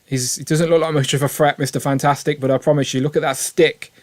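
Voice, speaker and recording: A man's voice: on the high side, flat delivery, fast, darkish tone. A man hosting a toy review livestream in casual, jokey chat, laughing often.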